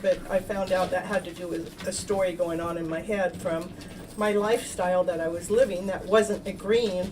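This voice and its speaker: A woman hosting a casual self-help talk show, rambling and warm-hearted, laughing often as she talks. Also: medium pitch, distant mic, slight background noise, poor audio. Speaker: host.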